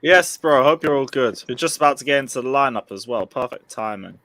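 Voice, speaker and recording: A man hosting a casual fan livestream who reads out viewer messages in a relaxed, easygoing way. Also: mid-range voice, brisk, no echo. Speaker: livestream host.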